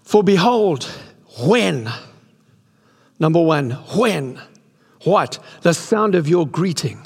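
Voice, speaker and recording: A man's voice: on the high side, slow pace, slightly rough. A man in his sixties preaching an impassioned sermon in a church hall. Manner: impassioned, rising to excited peaks. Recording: long hall reverb.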